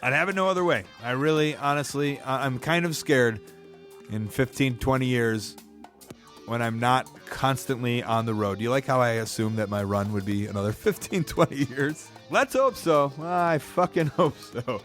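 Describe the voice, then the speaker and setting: A man's voice: medium pitch, moderate pace, fairly bright tone, faint music behind. A man hosting a podcast, upbeat and a little worn out from travel, rattling off dates and plugs in casual talk. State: tired from travel. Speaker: podcast host. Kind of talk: podcast outro and casual chat.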